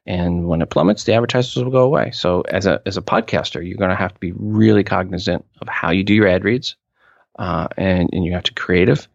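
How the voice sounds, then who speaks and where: A man talking as an expert guest in an interview, explaining with emphatic asides and quick restarts. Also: low-pitched, gravelly, dry recording, highs cut off. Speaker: podcast industry expert guest. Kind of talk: conversational interview answers.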